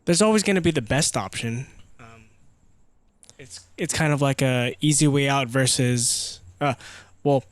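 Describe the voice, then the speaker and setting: A young man co-hosting a podcast, talking haltingly with many restarts. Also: medium pitch. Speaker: band member, podcast co-host. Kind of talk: casual chat.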